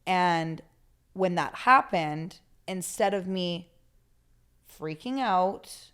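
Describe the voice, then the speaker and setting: A woman guest on a podcast, a therapist, telling stories in a candid, animated way and swearing freely. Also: fairly low pitch, very slow, smooth. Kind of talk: casual conversational interview.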